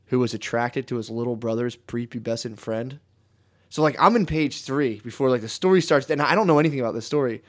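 A young man co-hosting a podcast, telling a long story in a rambling, profane way and acting out what people said. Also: mid-range voice. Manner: rambling, swearing storyteller who acts out quotes. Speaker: podcast co-host. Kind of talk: casual podcast chat.

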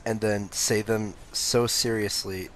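Young male streamer, laid-back and sleepy, lowish voice with a bright edge, swears casually while playing. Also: fairly even intonation, takes it slowly, a little hiss or hum. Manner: laid-back, swears freely, answers chat. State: sleepy, phlegmy throat. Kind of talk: casual gaming stream chat.

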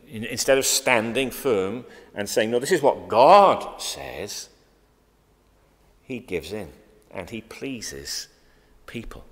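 Earnest Northern Irish pastor in reverb. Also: male voice, medium pitch, a bit bright. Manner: earnest, emphatic preaching with frequent ums and restarts. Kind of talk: Bible study teaching. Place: church.

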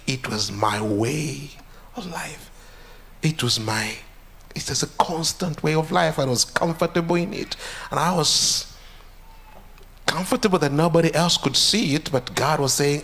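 An earnest pastor, his voice sitting somewhat high for a man. He tells his testimony with intensity, circling back on phrases as the feeling builds. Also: animated, a little slow, long pauses, fairly bright tone, slightly rough. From Uganda. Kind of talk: testimony sermon.

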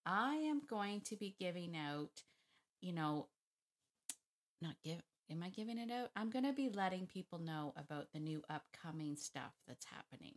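Chatty woman dog trainer. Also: mid-range voice. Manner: chatty, restarts and self-corrections, laughs often. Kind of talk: casual talk to camera.

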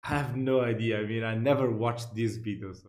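A man's voice: lowish voice, fairly even intonation, moderate pace, darkish tone. A young Italian man with an Italian accent, reacting casually to a video and laughing often. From Italy. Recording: roomy echo.

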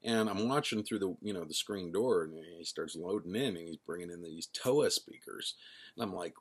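A man's voice: sits low, normal speed, husky. A middle-aged man, a band's singer and founder, telling his story casually in a rambling way, correcting himself as he goes. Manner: rambling, self-correcting, acts out quoted dialogue.

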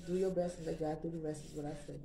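A woman's voice: low voice, steady tone, fast, vocal fry, warm tone, reverberant. A young woman vlogging in casual, sassy, slang-heavy chat.

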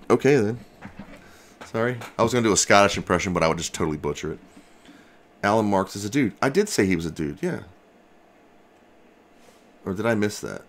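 A man chats through a casual livestream from his home workshop. His voice moves around a lot in pitch as he reacts to each package. He sounds excitable and loose, with the occasional mild swear. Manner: excitable, chatty, swears mildly. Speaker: retro computer restoration channel host. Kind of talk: casual livestream mail-opening chat.

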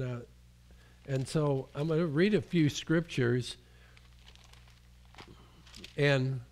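A man's voice: mid-range voice, darkish tone. A male pastor preaching a sermon in a conversational way, often restarting his sentences and acting out the voices he quotes.

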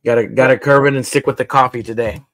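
A man's voice: mid-range voice, steady tone, quick pace, dry recording. A man hosting a casual livestream while he builds, chatting loosely with viewers and a guest. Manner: laid-back, chatty, talks to viewers. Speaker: livestream host.

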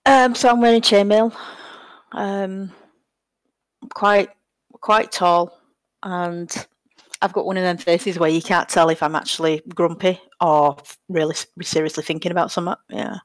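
A woman's voice: on the low side, steady tone, unhurried, dry recording. A woman in a tabletop game describes her character in a hesitant, thinking-aloud way, with lots of ums. The sound is dry and close. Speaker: player. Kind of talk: casual tabletop game chat.

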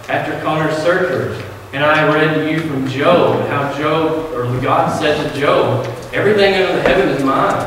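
Brief: male church elder, thirties, mid-pitched earnest sermon delivery, reverberant sanctuary. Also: noisy background. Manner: earnest, emphatic preaching with personal stories. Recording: long church reverb with faint ambience.

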